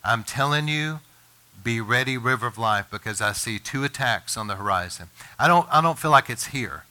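A pastor delivering a sermon in an intense, bright and forceful voice of ordinary male pitch. He talks with the earnest urgency of a warning, his voice leaping up and growing louder at his strongest points. It is a man's voice, pressing and insistent throughout. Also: expressive, normal speed. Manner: impassioned preaching, rises in pitch and volume when emphatic.

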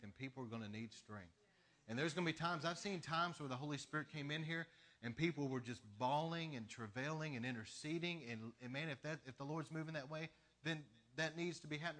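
Bright-voiced man preaching a lively sermon. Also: medium pitch. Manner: storytelling, animated, laughs between lines. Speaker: pastor.

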